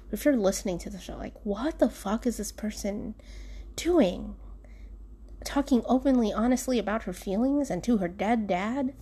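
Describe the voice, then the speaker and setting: A woman's voice: medium pitch, expressive, normal speed, darkish tone, slightly rough. A young adult woman hosting a solo podcast from home, talking candidly and rambling with many fillers and bursts of laughter. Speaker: podcast host. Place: alone at home.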